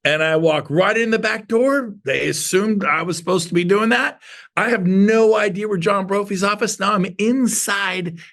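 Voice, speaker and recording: A man's voice: high voice, moderate pace. A man giving a sales talk to an audience, telling stories in a punchy, playful, folksy way and acting out the dialogue. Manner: animated storyteller acting out dialogue. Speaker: motivational sales speaker.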